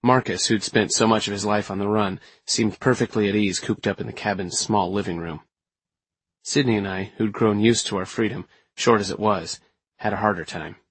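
A man reading a first-person story aloud in a steady, measured way. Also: on the low side, slightly rough, no echo. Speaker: audiobook narrator. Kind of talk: first-person scripted narration.

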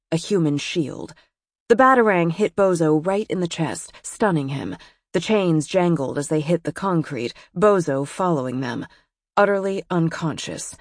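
Woman audiobook narrator, low voice, dry close sound, steady and measured. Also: dry recording. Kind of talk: scripted narration.

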